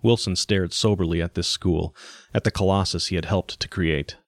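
Deep-voiced male audiobook narrator. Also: normal speed, gravelly, dry recording, studio quality. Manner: steady, even storytelling.

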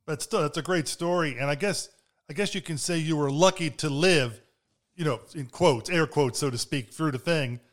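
A man's voice: a little high, normal speed. A man interviewing a guest, asking questions with a fan's enthusiasm.

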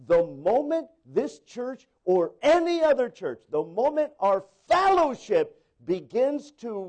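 A male pastor delivering a sermon, swinging between loud exclaiming and hushed asides as he acts out quoted voices. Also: high voice.

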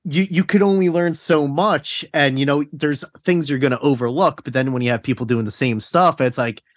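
A man's voice: a little high, moderate pace, dry recording, clean studio sound. A man hosting a casual podcast chat, rambling along, laughing often and swearing casually. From South Jersey. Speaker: podcast host.

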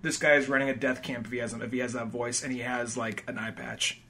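A man's voice: mid-range voice, level tone, fast, sharp tone. A man co-hosting a podcast in casual chat who rambles and searches for his words. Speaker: podcast co-host.

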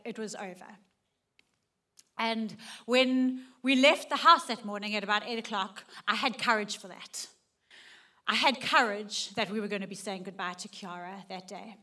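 A middle-aged woman speaks to a church gathering, earnest and personal. Her voice sits fairly high and rings bright and forceful. She moves from loud, laughing lines to soft, hushed ones. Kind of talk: personal testimony talk.

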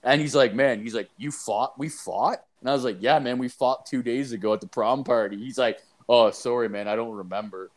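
A young man talks casually with a friend, telling a story in a rambling, profane way. He leans on fillers and swears often, keeping it animated and unpolished. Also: medium pitch, fairly quick, few pauses. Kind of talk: casual chat.

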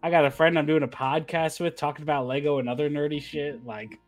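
Brief: male podcast co-host, fairly high voice, animated storyteller who laughs a lot, light music under. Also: a little fast. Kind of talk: casual chat.

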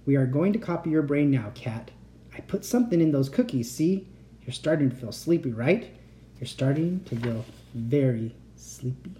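Woman doing an excitable mad-inventor uncle. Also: rumbling low, moderate pace, a little hiss or hum. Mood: sinister. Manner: excitable, pleading, then soft and menacing. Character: eccentric middle-aged male inventor uncle, unstable. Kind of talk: storybook read-aloud.

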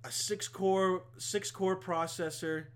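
A man's voice: high-pitched, fairly even intonation, slow pace. A young man hosting a podcast, telling a rambling, heavily profane story in a casual monologue. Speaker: podcast host.

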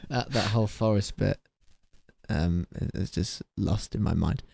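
A man's voice: on the low side, slow pace, vocal fry, darkish tone, no echo, clean studio sound. A man casually recapping a film with friends, laughing often and hesitating with many fillers. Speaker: podcast co-host recapping a film. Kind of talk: casual chat.

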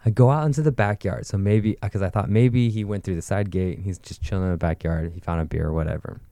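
Young man, very low voice, mellow dark tone, dry close sound, casual swearing storyteller. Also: fast talker, no echo. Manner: profane, rambling, with frequent likes.

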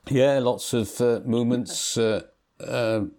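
Male local radio host, casual and chatty, mid-pitched. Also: takes it slowly. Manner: relaxed, chatty, trailing off with fillers. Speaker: radio football show host. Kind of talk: casual chat and interviewing.

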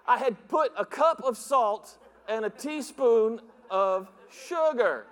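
A man's voice: very high-pitched, lively intonation, normal speed, a bit bright. A middle-aged man from the northern United States preaching a humorous sermon in a church, joking and mimicking voices as he tells stories. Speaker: pastor. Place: church sanctuary. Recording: reverberant church hall.

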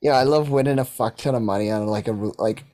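A young man in casual podcast chat, rambling and excitable, swearing freely. He jumps between half-finished thoughts and bursts into loud chanting when something pleases him. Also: medium pitch, fast talker. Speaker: podcast co-host.

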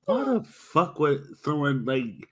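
A man's voice: on the high side, slow, slightly rough. A young man co-hosting a podcast in crude, casual chat. He rambles and swears a lot. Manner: profane, rambling, excitable. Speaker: podcast co-host.

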